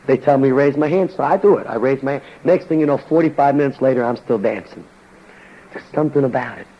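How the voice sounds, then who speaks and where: A man's voice: medium pitch, fast talker. A man preaching his testimony to a congregation, telling it in a folksy, plain-spoken way with slang. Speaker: evangelist preacher. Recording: dull lo-fi recording with faint background noise.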